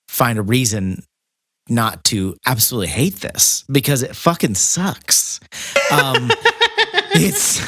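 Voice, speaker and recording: A man's voice: mid-range voice, big pitch swings, slow, bright, forceful tone, dry recording, studio quality, soft background music. A man co-hosting a podcast in casual chat, rambling and restarting his sentences, cracking jokes as he goes. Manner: rambling, self-interrupting, jokey. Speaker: podcast co-host.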